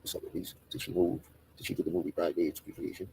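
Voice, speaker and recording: A man's voice: sits low, level tone, fast, darkish tone, slight background noise. A man on a livestream ranting in a brash, profane, mocking way and roasting people in casual talk.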